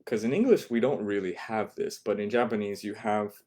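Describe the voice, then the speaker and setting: A man teaching a beginner Japanese class over a live stream, patiently repeating words and modeling pronunciation slowly. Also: lowish voice, a little mellow. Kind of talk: online language lesson.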